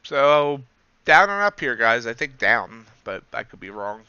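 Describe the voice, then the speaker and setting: A man's voice: mid-range voice, sing-song, a little slow, bright, forceful tone, clear, resonant tone, dry recording, dull audio. A man hosting a live trading stream, chatting casually and self-deprecatingly while calling out prices as they move. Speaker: livestream host and futures trader. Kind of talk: casual live market commentary.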